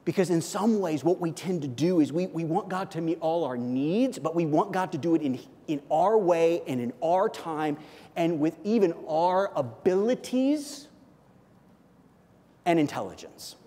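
A man preaching a sermon as a pastor, conversational and animated, often checking in with "okay?". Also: on the high side, a little slow. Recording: long hall reverb.

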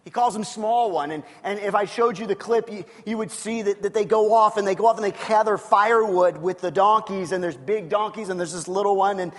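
A man's voice: high voice, fairly quick, hardly any pauses. A man preaching a sermon as pastor, earnest and repetitive, often restarting his words. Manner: earnest, repetitive, stumbles and restarts, bursts to shouting. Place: church hall. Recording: long reverb of a large hall.

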